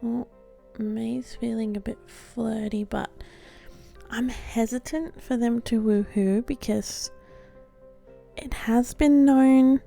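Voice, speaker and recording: A woman speaks slowly in a high-leaning, creaky, dark voice with fairly even intonation while hosting a let's play. Faint background music plays as she chats, giggles and makes fun of herself.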